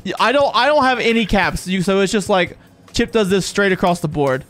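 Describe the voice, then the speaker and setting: A game streamer giving excitable, chatty live commentary on a match and talking to viewers in chat. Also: mid-range voice, brisk. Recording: game music playing behind the voice.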